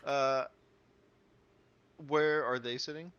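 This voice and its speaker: A man's voice: mid-range voice, steady tone, slow, fairly bright tone, smooth. A man playing a tabletop game, speaking in short, questioning bursts. His mic sounds dull and lo-fi, and keyboard typing clicks behind him. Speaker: player. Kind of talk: tabletop role-play.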